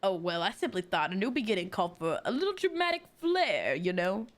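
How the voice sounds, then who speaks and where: A woman's voice: mid-range voice, big pitch swings, brisk, pitched below the performer's own voice, close to an everyday voice. A woman voicing a cheerful, dramatic male fantasy author in a put-on Southern accent, speaking grandly. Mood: theatrical. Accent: American Southern, put on. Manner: theatrical, grandiose.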